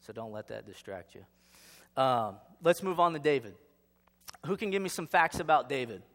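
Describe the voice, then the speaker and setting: A man's voice: mid-range voice, animated, moderate pace, fairly bright tone. A man giving a casual Bible lesson to a group, joking and quizzing his listeners as he reads scripture aloud. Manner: joking, conversational, quizzes the audience. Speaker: Bible teacher. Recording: long hall reverb.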